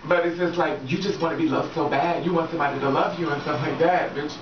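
A deep-voiced woman with fairly even intonation talks fast in her casual vlog, giving frank relationship advice peppered with swearing and laughter. Faint background noise, an echoey room, and a distant, dull mic mark the recording.

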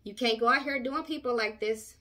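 A woman's voice: fairly high pitch, a little fast, bright, forceful tone. A woman hosting a commentary channel, giving sassy, outspoken reactions.

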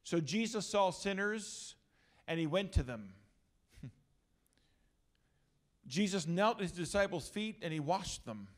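A middle-aged male pastor giving an energetic, joking talk to a youth gathering. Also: high voice, a little slow, pauses often.

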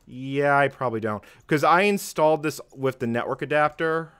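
A man talking his way through a live tech stream at a middling pitch. He rambles, fills gaps with "um" and "uh", and laughs at himself as he goes. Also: animated, fairly quick, few pauses, a bit bright, clear, resonant tone, soft background music. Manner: rambling, self-deprecating, frequent fillers and chuckles.

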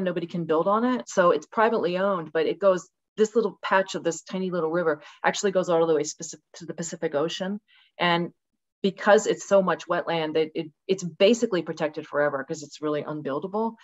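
Woman guest, casual and animated, lower voice, lo-fi call audio. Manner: animated, acts out voices with laughs. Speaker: guest author. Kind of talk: casual interview conversation. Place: rural home with dogs.

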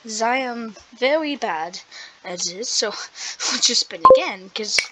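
Slow-talking woman hosting a gaming vlog. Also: on the high side, expressive, heavy background noise. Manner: rambling and self-deprecating, laughs often. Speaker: gaming video host. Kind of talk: casual gaming vlog chat.

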